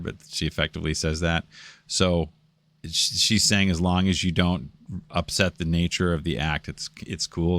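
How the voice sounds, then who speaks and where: A man giving casual commentary on video clips as host. He talks in a halting, stop-start way and keeps pausing to find his place. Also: sits low, fairly bright tone, no room sound.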